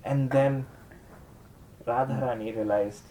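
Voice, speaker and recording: A man's voice: medium pitch, steady tone, slow pace, a loud crowd. A man giving a devotional lecture, telling a story and acting out the characters' lines, with frequent "you know" and "huh?" tags. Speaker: spiritual teacher.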